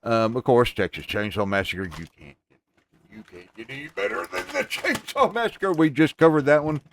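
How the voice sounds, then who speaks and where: A man's voice: mid-range voice, animated, normal speed, gravelly, a bit bright, slight background noise. A man hosting a podcast, talking emphatically in a casual, ranting way and swearing freely as he speaks to his listeners. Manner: addresses listeners as folks. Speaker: podcast host. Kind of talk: casual chat.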